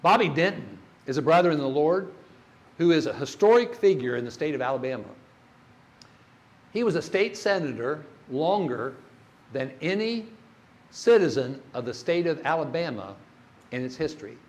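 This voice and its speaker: A man's voice: fairly high pitch, sing-song, moderate pace. An older man giving a church workshop talk on grief, folksy and storytelling, asking the audience questions.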